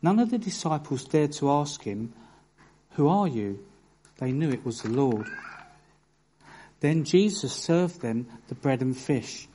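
A man preaching a sermon, telling stories with earnest emphasis and reading scripture aloud in a measured way. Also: mid-range voice, lively intonation, warm tone, husky. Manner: earnest storytelling with bursts of emphasis.

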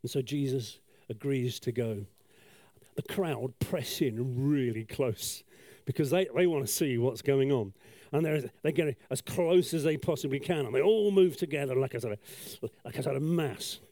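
A man's voice: mid-range voice, moderate pace, warm tone, no echo, clean studio sound. A man telling a story while painting on a sketchboard, chatty and self-deprecating, with lots of asides. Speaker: children's talk storyteller.

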